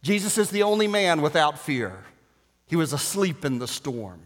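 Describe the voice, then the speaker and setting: A male pastor preaching a sermon, moving between loud, high-pitched exhortation and quiet, low asides, and reading quotations with dramatic emphasis. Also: sing-song, moderate pace. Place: church sanctuary. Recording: long hall reverb.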